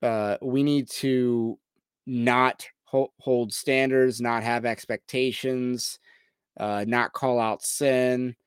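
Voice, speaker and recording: A man's voice: medium pitch, clear, resonant tone, dry recording, studio quality. A man hosting a podcast who argues with a clip point by point in critical commentary. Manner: rebuts point by point, argumentative. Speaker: podcast host.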